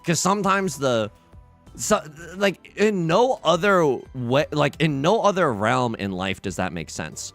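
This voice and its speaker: A man's voice: a little high, measured pace, soft background music. A young man hosting a game livestream, rambling casually with lots of fillers and self-deprecating jokes. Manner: jokey and animated, then subdued and tearful. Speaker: livestream host. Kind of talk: casual stream chat while gaming.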